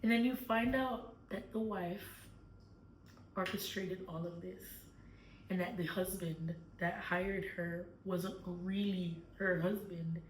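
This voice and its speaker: A woman's voice: lowish voice, steady tone, slow, a little hiss or hum. A woman recapping a book in a casual chat, telling the story with lots of fillers. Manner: chatty storytelling with many fillers. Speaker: book club host. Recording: echoey room, far from mic.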